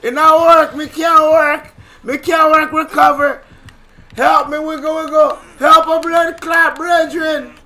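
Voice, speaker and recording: A man putting on a mock Jamaican patois voice, yelling frantically in panic during a game. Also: very high voice, level tone, a little slow, voice pushed up, heavily acted. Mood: panicked yelling. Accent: put-on Jamaican. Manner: frantic shouting, swearing.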